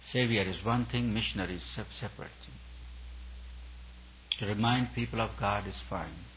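A man with a lowish voice preaches in an emphatic, repetitive rhythm, stacking phrase on phrase. The recording is dull and lo-fi, with a faint hum underneath. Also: normal speed, fairly bright tone. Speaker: spiritual teacher. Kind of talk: sermon.

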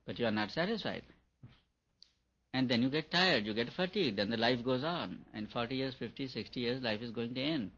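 A man's voice: mid-range voice, expressive, a little fast, a bit bright. A man giving a spiritual talk on meditation, repeating his points for emphasis. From India. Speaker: meditation teacher. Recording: dull lo-fi recording.

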